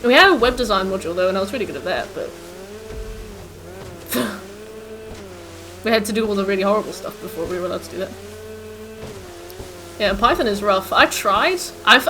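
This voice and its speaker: A woman's voice: medium pitch, bright, forceful tone. Girl in her 20s streaming, rambly casual chat, lots of likes and ums, bit of faint noise. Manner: rambling and chatty, full of "like" and "um". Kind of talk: casual chat with viewers while gaming.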